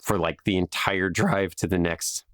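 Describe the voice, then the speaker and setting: A man's voice: low-pitched, fairly even intonation, unhurried, a bit bright, no echo, studio quality. A man hosting a podcast, chatting casually in a rambling way full of filler words, recording in a small closet. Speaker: podcast host.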